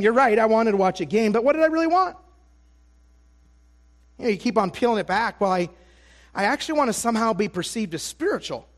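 A male traveling preacher giving a sermon with personal stories, speaking in an animated, self-deprecating way and often restarting his sentences. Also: extremely high pitch.

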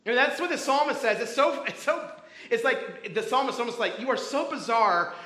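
A man's voice: very high-pitched, animated, fairly quick, pushed and bright, roomy sound, poor audio. A man preaching a sermon to a congregation, talking casually and telling stories from camp. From grew up Baptist. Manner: conversational preaching with anecdotes. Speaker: pastor.

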